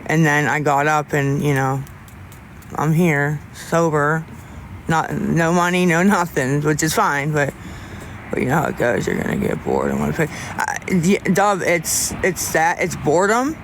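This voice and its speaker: Brief: man, fairly high voice, halting candid livestream chatter, faint background noise. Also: expressive, a bit bright. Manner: rambling and halting, lots of restarts, candid. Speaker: livestreamer talking to viewers. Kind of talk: casual livestream chat.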